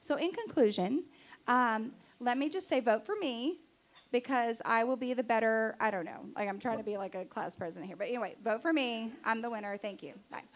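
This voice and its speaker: A woman telling a personal story live on stage as a show host, chatty and animated, acting out her own outbursts. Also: fairly high pitch, a little fast, slight background noise. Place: stage before a live audience.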